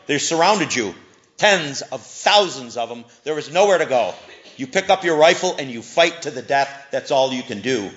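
A man's voice: mid-range voice, lively intonation, moderate pace, fairly bright tone. A man preaching with earnest conviction, his voice swelling into fervent emphasis at key points. He has a mid-range voice that rings through a roomy space, and the recording sounds a little dull. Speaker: pastor. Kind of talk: sermon and prayer.

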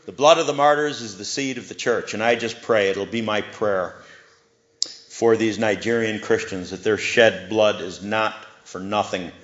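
A man's voice: on the low side, fairly even intonation, a little slow, a bit bright. A man preaching with earnest conviction, his voice swelling into fervent emphasis at key points. He has a mid-range voice that rings through a roomy space, and the recording sounds a little dull. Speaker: pastor. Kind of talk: sermon and prayer.

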